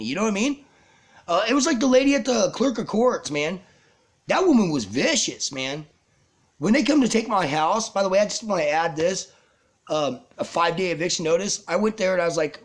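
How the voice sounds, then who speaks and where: A man's voice: sits high, lively intonation, brisk. A man telling a personal story on camera in an agitated, rambling way, swearing a lot and restarting his sentences. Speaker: vlogger.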